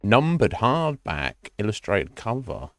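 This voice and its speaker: A man's voice: on the low side, sing-song, unhurried, fairly bright tone, no room sound, studio quality, faint music behind. A man streaming live, chatting casually with his viewers in a rambling, self-mocking way and swearing freely.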